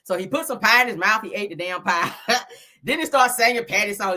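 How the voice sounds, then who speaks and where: A woman hosting a casual gossip livestream, loud and profane, laughing often as she reads viewer comments aloud and reacts to them. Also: medium pitch, sing-song, quick pace. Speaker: livestream gossip host reading chat. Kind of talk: casual chat.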